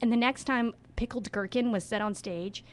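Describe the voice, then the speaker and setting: A woman's voice: a little high, normal speed. A woman who directs children's theater, talking as a guest in a radio studio interview with enthusiasm and expression.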